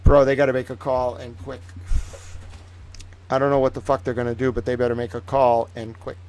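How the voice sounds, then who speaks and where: A man hosting a casual livestream, talking in an excitable, rambling, profane way. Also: medium pitch, fairly quick. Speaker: livestream host.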